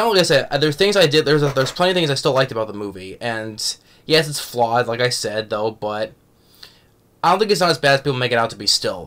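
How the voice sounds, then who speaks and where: A young man talks through a film review in a loose, casual way. He rambles and stops to restart his sentences. His voice is bright and crisp, smooth and clear, with a forward edge. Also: mid-range voice. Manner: rambling, halting, many restarts and fillers. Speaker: movie reviewer.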